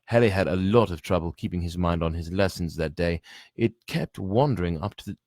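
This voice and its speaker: Deep-voiced man reading a book aloud. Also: fairly quick, a little mellow, no room sound, studio quality. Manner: stumbles and restarts, chatty asides. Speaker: reader.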